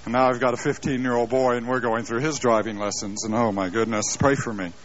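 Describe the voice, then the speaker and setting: A middle-aged man preaching a sermon, telling stories with self-deprecating humor and an animated delivery. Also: medium pitch, brisk, noisy background. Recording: dull lo-fi live sermon tape.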